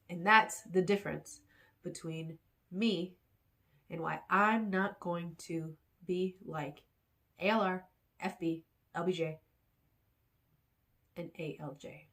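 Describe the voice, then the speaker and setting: A woman's voice: on the low side, fairly even intonation, slow pace, pauses often, fairly bright tone. A woman vlogging in rambling, repetitive self-talk, encouraging herself.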